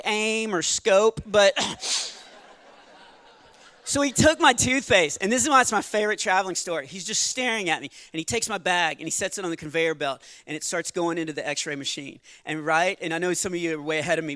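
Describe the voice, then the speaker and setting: A man in his forties tells a stand-up set to a live crowd, with a bright, forceful edge and a fairly high voice for a man. He strings anecdotes together in a chatty way and slips into short acted-out quotes. The sound is close and dry. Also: no room sound. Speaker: stand-up comedian. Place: live venue with audience.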